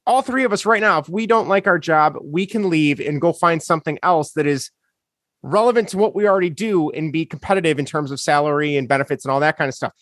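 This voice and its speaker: Man, podcast co-host, high voice, sarcastic rant, dry close mic. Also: fast talker, fairly bright tone, dry recording. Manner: ranting, sarcastic. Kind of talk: casual chat.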